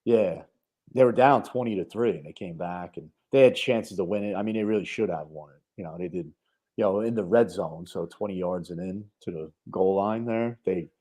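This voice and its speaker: Laid-back New York man, low mellow voice. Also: normal speed. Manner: laid-back, swearing, lots of "you know". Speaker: podcast co-host. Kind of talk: casual chat.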